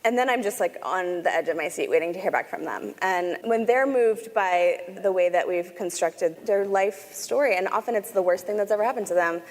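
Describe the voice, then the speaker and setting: A woman's voice: lowish voice, brisk, hardly any pauses, long reverb tail. A woman who produces a podcast, chatting playfully on a conference panel. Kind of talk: panel conversation.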